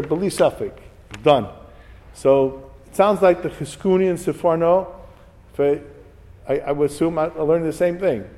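A man's voice: on the high side, mellow, in a large hall. A man giving an informal Torah class, reading Hebrew commentaries and explaining them in English with chatty personal stories. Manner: reads Hebrew sources then explains in English; chatty asides and personal anecdotes. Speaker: Torah teacher.

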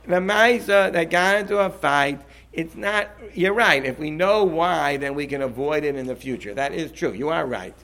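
A man's voice: a little high, moderate pace, creaky, hardly any pauses, fairly bright tone. A man leading a discussion, who talks emphatically, repeats himself and insists on his point. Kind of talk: animated discussion.

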